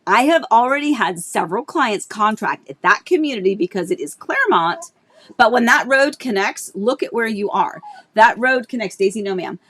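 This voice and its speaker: A woman real estate agent chats casually on a livestream, rambling and restarting often, and she gets tearful at times. Her voice sits a little high and sounds expressive and fairly bright, at a normal speed.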